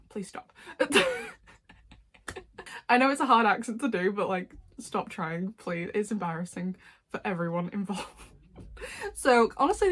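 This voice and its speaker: A young woman, chatting casually as a fan reviewer, laughing often and adding quick asides. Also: medium pitch. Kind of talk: casual chat. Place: dim room at home.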